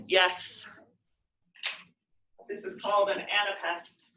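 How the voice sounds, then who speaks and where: A woman's voice: a little high, lively intonation, moderate pace, bright, forceful tone, echoey room, far from the mic, poor audio. A woman teaching poetry meter to students, patiently sounding out words in a sing-song rhythm. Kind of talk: casual poetry lesson with students.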